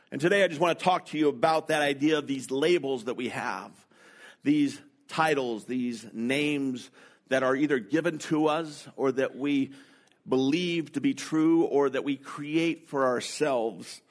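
A middle-aged man from North America preaching a sermon, telling personal stories slowly and deliberately. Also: mid-range voice. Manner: slow, deliberate, anecdotal delivery. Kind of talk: sermon storytelling.

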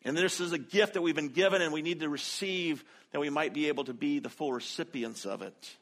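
A man's voice: a little high, a little fast, fairly bright tone. A man preaching a sermon as pastor, earnest and conversational, acting out quoted lines with feeling.

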